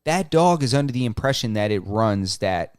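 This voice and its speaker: A man's voice: mid-range voice, expressive, moderate pace, clear, resonant tone, no room sound, studio quality. A man co-hosting a podcast, chatting casually in an opinionated, loose way with many restarts. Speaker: podcast co-host. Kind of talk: casual chat.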